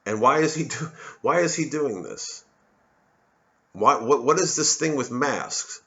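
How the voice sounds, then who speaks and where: A man's voice: medium pitch, lively intonation, a little slow, vocal fry, a bit bright, dull audio. An American man from Missouri, a comedian delivering a rambling, profane, digressive monologue full of restarts. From Missouri, USA. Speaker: comedian hosting his own show.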